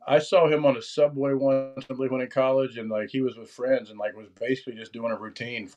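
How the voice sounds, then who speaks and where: A man's voice: mid-range voice, level tone, quick pace, a little mellow, dull audio. A man who is a guest on a podcast, chatting casually with many hesitant restarts. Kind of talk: casual chat.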